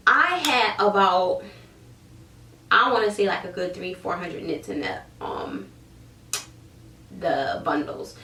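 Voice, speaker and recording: A woman in her thirties telling a story to camera in a casual, animated way, acting out her own reactions. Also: lowish voice, slow, long pauses. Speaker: hair seller vlogger. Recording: roomy, mic at a distance.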